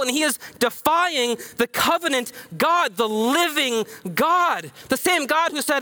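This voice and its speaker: Bright high-voiced preacher man. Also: measured pace, hardly any pauses. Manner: animated storytelling, swinging from raised emphasis to hushed near-whisper; casual, conversational phrasing with many fillers. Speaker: pastor. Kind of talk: sermon.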